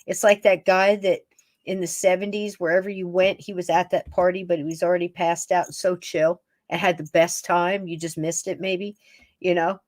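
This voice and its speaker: A woman hosting a paranormal podcast, talking casually and warmly. She rambles from one thought to the next and laughs often. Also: on the low side, flat delivery, normal speed, dry recording, studio quality. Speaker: podcast host. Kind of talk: casual chat, talking to her pets on camera.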